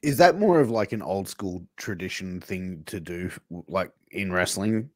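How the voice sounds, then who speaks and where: A man's voice: sits low, expressive, a little slow, dry recording. Hesitant man hosting a podcast. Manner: hesitant, filler-heavy, eager. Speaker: podcast host. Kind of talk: casual interview chat.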